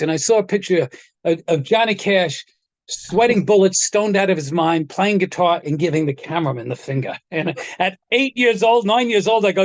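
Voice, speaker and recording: A man telling animated stories in a casual interview, acting out the quotes as he goes. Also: high-pitched, normal speed, no room sound. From New York area. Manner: animated anecdote teller, acts out quotes. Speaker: guest, guitar tech.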